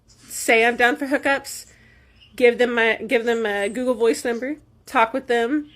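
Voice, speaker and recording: A woman's voice: fairly high pitch, fairly even intonation, unhurried, a bit bright. A woman delivering a sarcastic, scheming selfie video rant.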